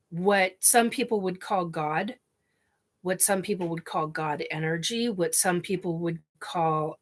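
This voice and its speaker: In her living room, a vlogger talks slowly to her camera while crying through a deeply personal story. She halts and restarts, sniffing and apologizing between phrases, and her voice is a bit bright.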